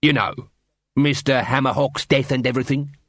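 A man's voice: mid-range voice, fairly even intonation, normal speed, a bit bright, dry recording, studio quality, close to an everyday voice. A man doing a resigned watchman. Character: dry, resigned male watchman.

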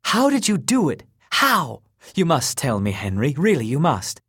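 A man puts on a greedy, pushy heavyset man in a told story, pitched higher and louder than the narration. He presses eagerly and impatiently, in a dry, close recording. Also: very animated, moderate pace, no echo. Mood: eager, insistent.

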